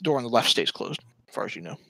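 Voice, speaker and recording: A man running a tabletop game as dungeon master, describing scenes in a relaxed way. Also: medium pitch, rapid-fire, vocal fry, slightly rough, dry recording, rough recording.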